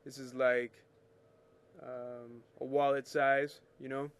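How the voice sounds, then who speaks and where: A man's voice: mid-range voice, level tone, takes it slowly, clean tone. A man hosting a photo retouching show, explaining scanner settings in a chatty, rambling way that corrects itself as he works at his computer. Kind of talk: casual screen-share tutorial.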